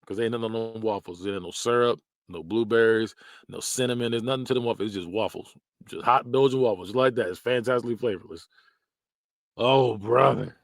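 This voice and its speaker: A man's voice: fairly low pitch, fast, no echo, clean studio sound. A man hosting a podcast, ranking phrases in a blunt, slangy way and laughing often as he mimics them. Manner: animated, laughs often, repeats phrases in mock voices. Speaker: podcast host. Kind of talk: casual tier-list commentary.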